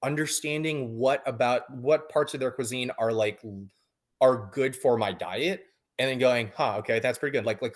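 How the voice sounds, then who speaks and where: A man in his thirties, a coaching client, talking casually in an interview with many fillers and restarts. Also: mid-range voice.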